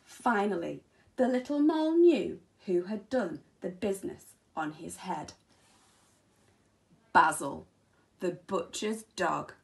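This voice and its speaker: A woman teacher reading a children's storybook aloud in an expressive, sing-song way, acting out the sound effects. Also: lowish voice, takes it slowly, gravelly, pauses often.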